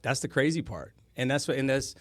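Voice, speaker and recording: A man's voice: medium pitch, expressive, brisk, dry recording. Rambling podcast guest, a man, dry sound. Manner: rambling, often corrects himself. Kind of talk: casual conversation.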